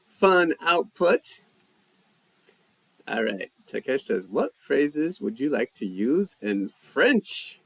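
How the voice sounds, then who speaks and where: A man hosting a casual language-learning live chat, reading viewer comments and musing aloud at an easy, unhurried pace. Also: on the high side, gravelly, husky, no room sound. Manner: slow, relaxed, thinking aloud while reading chat. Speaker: language livestream host.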